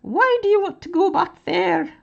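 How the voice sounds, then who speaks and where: A woman's voice: animated, normal speed, vocal fry, highs cut off, heavily acted. A woman doing a scolding old Scottish ancestor. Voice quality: high mock Scottish-British accent.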